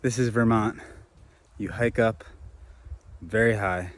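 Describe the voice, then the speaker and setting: A man vlogging his long-distance hike in a casual, wry, deadpan way, talking outdoors on a forest trail. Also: on the low side, moderate pace, pauses often, a little hiss or hum. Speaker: long-distance hiker filming his trek. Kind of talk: casual hiking vlog narration.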